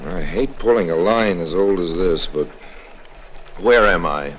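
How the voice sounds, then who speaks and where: A man's voice: low-pitched, measured pace, slight background noise, rough recording. An actor playing a roguish adventurer, narrating his own tale with dry, sardonic humor in a 1950s radio drama. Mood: wry.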